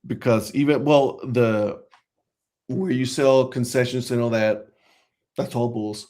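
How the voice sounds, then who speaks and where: A man's voice: medium pitch, fairly even intonation, takes it slowly, a little mellow. A man co-hosting a casual chat podcast, talking in a loose, rambling way with many fillers and restarts. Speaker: podcast co-host.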